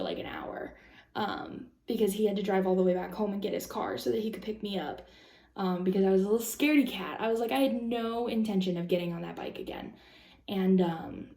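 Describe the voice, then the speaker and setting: A woman's voice: mid-range voice, mellow, reverberant. A young woman vlogger telling a long personal story in a rambling, casual way with many fillers. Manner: rambling, lots of "like" and "um", anxious retelling.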